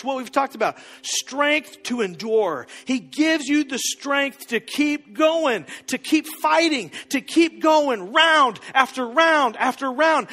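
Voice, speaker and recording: A man's voice: very high-pitched, a bit bright, in a large hall. A man preaching a sermon as pastor, emphatic and often chuckling, building through repeated phrases.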